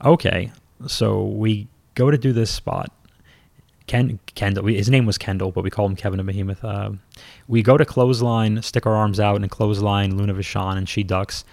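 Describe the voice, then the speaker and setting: A man, a former pro wrestler, telling a story in a casual, lively and self-mocking way, with some swearing. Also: on the low side, moderate pace, creaky, no echo.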